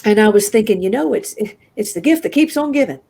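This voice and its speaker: Animated Southern woman telling a story. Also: fast talker, creaky. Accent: Southern American. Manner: animated, acts out quoted voices with big pitch jumps. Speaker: storyteller guest. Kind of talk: telling a personal story in an interview.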